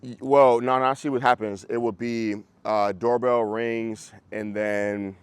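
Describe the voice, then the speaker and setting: A man's voice: medium pitch, little pitch movement, a little slow, smooth. A man, a dog trainer, coaching a group class in a casual, conversational way over a video call, often checking that listeners follow.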